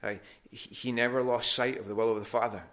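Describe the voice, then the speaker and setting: A man's voice: medium pitch, little pitch movement, fairly quick, a bit bright. A man preaching a sermon in a church, earnest and given to restarts, rising in force on his appeals. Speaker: pastor.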